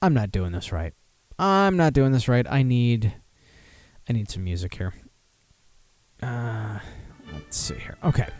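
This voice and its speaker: Male podcast host, lively swooping pitch, swears a lot, casual, faint music behind. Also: a little slow. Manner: profane, animated, breaks off to comment. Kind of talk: casual chat, reading aloud.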